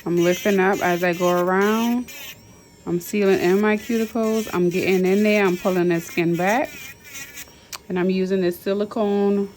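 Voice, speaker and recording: A woman teaching nail drill technique gives casual, repetitive step-by-step instructions in Southern US slang while the drill whirs. Her mid-range voice is a little mellow, fairly even, and at normal speed, with slight background noise.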